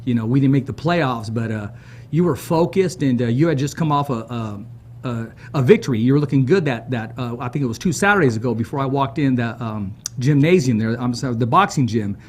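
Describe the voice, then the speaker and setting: A man's voice: medium pitch, lively intonation, fairly quick, slight background noise. A man hosting an interview show from a production studio, drawing out hype introductions and often repeating words. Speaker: podcast host. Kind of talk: energetic interview hosting with announcer flourishes.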